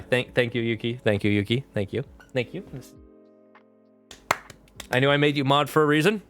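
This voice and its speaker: A man streaming live, chatting casually as he recaps a film in a rambling, animated way with lots of fillers. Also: medium pitch, brisk, faint music behind.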